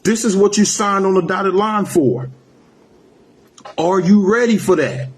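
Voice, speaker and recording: A man preaching a sermon, reading scripture slowly and then driving points home with repeated "man" and "right?". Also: high-pitched. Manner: emphatic, ends phrases with "man" and "right?"; slows to a drawl when reading scripture. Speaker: street preacher.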